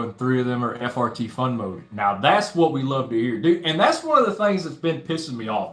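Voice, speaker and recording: A man's voice: medium pitch, a bit bright. A young man hosting a casual livestream, rambling with lots of fillers and swearing while reading chat aloud. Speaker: livestream host. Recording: roomy echo.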